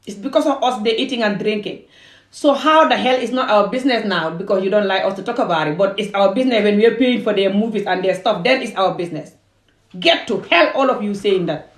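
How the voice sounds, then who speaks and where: A woman's voice: medium pitch, quick pace. Woman ranting heatedly to camera. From Gambia. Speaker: vlogger.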